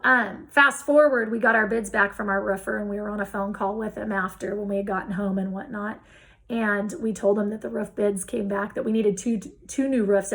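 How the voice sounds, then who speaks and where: A woman with a slightly high, gravelly voice tells a story in a casual interview. She acts out what each person said, swinging her voice up and down as she quotes them. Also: low-quality recording. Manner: animated storyteller acting out quoted dialogue. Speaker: real estate investor guest.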